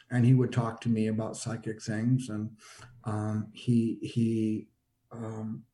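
Telling a story from his own life, this guest speaks in a warm, mellow, relaxed conversational manner. He keeps pausing and starting over, repeating words while he figures out what to say, and he raises his pitch to voice the people he quotes.

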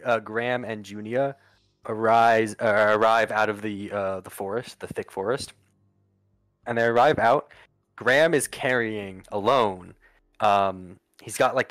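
A man's voice: lowish voice, fairly bright tone, no room sound, rough recording. A man narrating a tabletop game as game master, casual and profane, with lots of ums and uhs.

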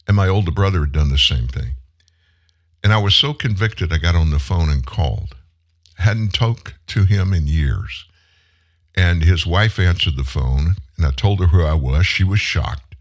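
Earnest deep-voiced man in his seventies. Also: lively intonation. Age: 70s. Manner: earnest, heartfelt storytelling with pauses for emphasis. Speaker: show host. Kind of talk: personal monologue on a live commentary show.

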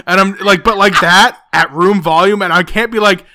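A man chatting casually on a podcast, his voice sitting a little high with a bright, forceful edge. He restarts and corrects himself often and gets animated telling stories. The sound is close and dry. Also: moderate pace, no echo. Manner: rambling, self-correcting, animated. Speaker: podcast co-host. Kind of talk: casual chat.

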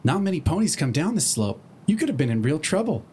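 A man's voice: a little high, big pitch swings, quick pace, a little mellow, slight background noise, voice pushed up. A man voicing an earnest, studious female pony leader in a storybook reading, speaking in a reassuring way.

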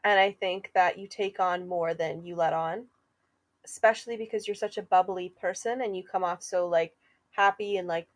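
A woman's voice: on the low side, fairly even intonation, moderate pace. A young woman co-hosting a casual chat with a friend, playful and self-mocking, laughing often as she talks. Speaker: co-host.

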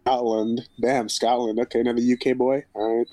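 A man co-hosting a podcast, relaxed as he reads out listener questions. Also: medium pitch, brisk, low-quality recording. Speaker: podcast co-host. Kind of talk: casual chat.

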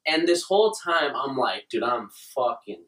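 A man's voice: mid-range voice, big pitch swings, moderate pace, a bit bright, distant mic, a little hiss or hum. A young man telling crude stories in casual chat, laughing and acting out his own reactions. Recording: roomy sound from off the mic.

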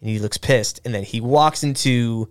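A man's voice: mid-range voice, moderate pace, clear, resonant tone. A man hosting a podcast, talking in a rambling, stop-start way with lots of restarts as he retells a story. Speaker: podcast host. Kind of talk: casual chat.

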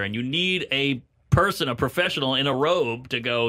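A man from Louisiana chatting on a podcast as a guest comedian. His voice is bright and forceful. He tells stories animatedly and acts out the people in them. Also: mid-range voice, fast, few pauses. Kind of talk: casual podcast chat.

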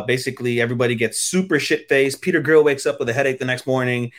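A man's voice: medium pitch, a bit bright. A man co-hosting a podcast, giving crude, rambling episode recaps full of fillers. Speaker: podcast co-host. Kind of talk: casual chat.

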